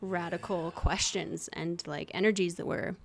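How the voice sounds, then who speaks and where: A woman speaking as a podcast guest, talking calmly and gently with frequent soft affirmations. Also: lowish voice, moderate pace, vocal fry, a little hiss or hum. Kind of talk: casual conversation.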